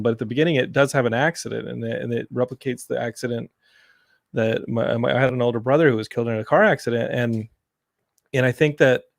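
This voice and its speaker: A man hosting a casual podcast chat, telling animated stories about his family and film sets. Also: medium pitch, creaky, no room sound, studio quality. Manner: animated storyteller, mimics his mom. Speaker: podcast host and filmmaker.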